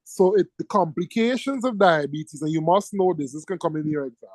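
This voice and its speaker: A middle-aged medical lecturer with a lilt teaches exam students in a high, lively voice at a fairly quick pace. He stresses and repeats key words and keeps asking "right?" The recording is close, dry and poor in quality.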